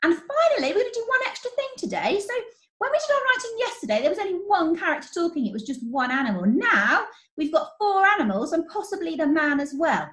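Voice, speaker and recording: A woman teacher, explaining writing step by step in an online lesson, clearly and encouragingly. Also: very high voice, very animated, quick pace, fairly bright tone. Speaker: primary school teacher. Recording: roomy echo.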